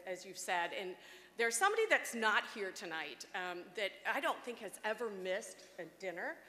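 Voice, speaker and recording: At a gala banquet, a woman in her fifties accepts an award at a podium microphone, her speech heartfelt but full of ums and restarts. Her mid-range voice is sing-song with a sharp tone and normal pace. The hall is echoey, with faint background noise.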